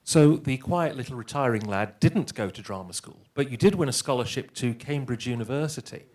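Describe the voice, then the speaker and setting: Measured male interview moderator. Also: mid-range voice, darkish tone. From Northwest England. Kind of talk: onstage interview questions. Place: theatre stage before an audience.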